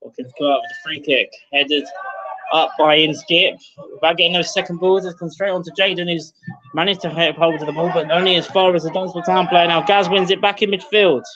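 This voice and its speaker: Guy doing live footy commentary, bit high voice, dull lo-fi stream sound. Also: fairly even intonation, fairly quick, a crowd in the background. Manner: running play-by-play, calling player names, lifts with the action. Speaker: match commentator for the club's livestream. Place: outdoor football ground under floodlights. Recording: dull lo-fi livestream audio.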